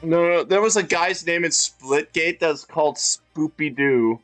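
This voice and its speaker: Giggly co-reader, talks slow, always laughing at the jokes, faint music in the back. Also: medium pitch, a bit bright. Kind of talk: comedic book reading chat.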